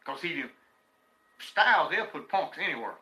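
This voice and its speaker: A man's voice: on the high side, very animated, normal speed, pushed and bright, echoey room, rough recording. An older man from Texas, telling stories casually and profanely as a guest. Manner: profane, laughing storyteller. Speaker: guest, former prisoner. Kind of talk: casual storytelling.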